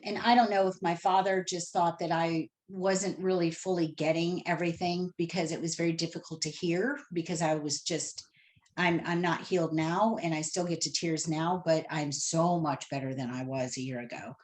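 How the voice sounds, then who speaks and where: Emotional middle-aged woman recounting a story. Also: fairly low pitch. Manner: animated retelling, acts out dialogue. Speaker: caller telling of a reading. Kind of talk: emotional personal story on a podcast.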